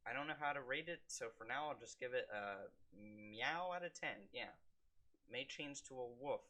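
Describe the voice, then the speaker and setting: A young man reviewing films in a casual monologue, with quick wry asides and deadpan jokes. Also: mid-range voice. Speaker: film vlogger.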